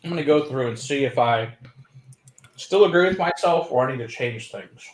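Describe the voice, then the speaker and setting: A man's voice: medium pitch, expressive, normal speed, a little hiss or hum. A man hosting a casual whiskey tasting stream, rambling and reading viewer chat aloud. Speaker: host.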